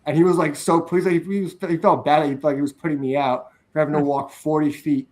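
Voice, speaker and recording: A man's voice: fairly high pitch, flat delivery, quick pace, a little mellow. A young man in casual podcast chat, telling film-set stories with many restarts and fillers. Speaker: podcast guest or co-host, film crew worker.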